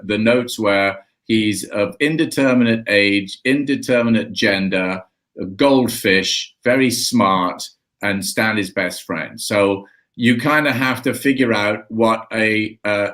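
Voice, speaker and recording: A man in casual conversation tells anecdotes in a relaxed, playful way. He drops into quick imitations and laughs along. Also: lowish voice. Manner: storytelling, mimics voices, laughs often. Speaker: host and actor. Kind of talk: casual chat.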